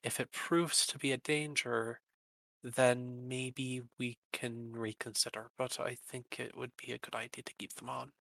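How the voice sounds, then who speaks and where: Male tabletop player, gravelly and bright, dry close sound, animated delivery. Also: medium pitch, a little slow, no echo, poor audio. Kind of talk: in-character play and narration.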